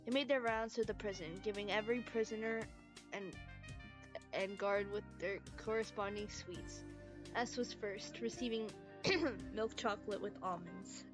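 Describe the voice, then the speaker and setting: A woman's voice: mid-range voice, fairly even intonation, moderate pace, over music. A woman streamer reading fanfiction aloud in a casual way, stumbling over words and giggling.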